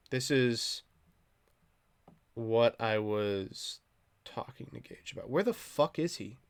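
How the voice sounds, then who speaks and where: A man streaming from home, telling a story in casual chat, animated and swearing freely. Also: medium pitch, slow pace, pauses often.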